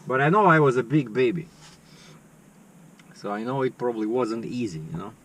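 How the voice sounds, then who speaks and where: A man's voice: mid-range voice, animated, moderate pace, distant mic, slight background noise. A man, casually telling a personal story with many "you know"s. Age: 50s. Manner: chatty, lots of "you know" and "right". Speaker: vlogger.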